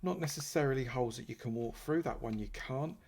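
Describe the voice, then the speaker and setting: A man's voice: mid-range voice, fast talker, darkish tone, husky. A man, giving casual, playful commentary while playing Minecraft and thanking supporters. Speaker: Minecraft YouTuber.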